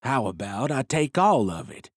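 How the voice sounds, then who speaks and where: Guy doing a smug western outlaw, low slow drawl, bullying, dry close sound. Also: very animated, no echo. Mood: menacing. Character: menacing tall male outlaw, smug bully.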